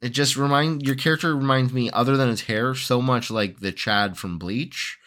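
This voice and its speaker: A man's voice: mid-range voice, moderate pace, fairly bright tone. A man running a tabletop game as game master, asking the players curious questions. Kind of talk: casual tabletop game chat.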